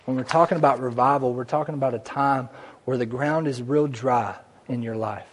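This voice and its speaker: A man's voice: medium pitch, brisk. A man preaching a conversational church sermon, with asides and small jokes along the way. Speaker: pastor. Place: church sanctuary.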